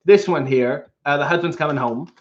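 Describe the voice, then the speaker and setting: A man's voice: fairly high pitch, normal speed. Man riffing dryly, lo-fi audio. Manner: dry, offhand joking asides while reading chat and comics aloud. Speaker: streaming show host. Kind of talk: casual comedic live-stream chat.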